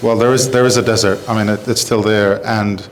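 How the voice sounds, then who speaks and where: A man telling jokes on a comedy show in a halting, rambling way, full of fillers. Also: lowish voice, fairly even intonation, slight background noise, rough recording. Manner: halting, rambling, with bursts of exaggerated crying in his jokes. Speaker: comedy show joke teller. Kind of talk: casual joke telling.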